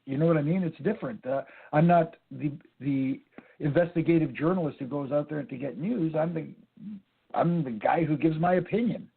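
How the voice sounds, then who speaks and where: A man's voice: on the high side, moderate pace, vocal fry, slightly rough. A man, a former wrestling referee from Canada, telling stories in a rambling way with many fillers in a phone interview. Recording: tinny phone line.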